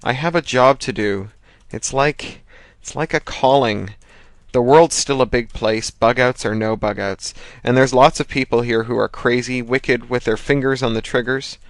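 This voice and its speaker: A man's voice: mid-range voice, normal speed, no echo, close to an everyday voice. A man reading a weary, earnest superhero. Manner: earnest, dryly sarcastic. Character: weary dutiful adult male superhero.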